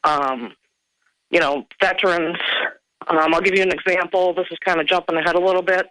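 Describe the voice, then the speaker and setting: Bright-voiced hesitant woman caller. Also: fairly low pitch, fairly even intonation, no echo, rough recording. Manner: hesitant, halting, many fillers. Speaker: caller, former admin worker. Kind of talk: phone-in call.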